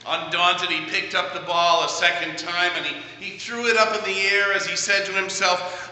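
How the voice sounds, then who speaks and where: A middle-aged man preaching a sermon in a church, earnest and measured, telling stories. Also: high voice, bright, forceful tone. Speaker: pastor. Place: church sanctuary. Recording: echoey church hall from a distance.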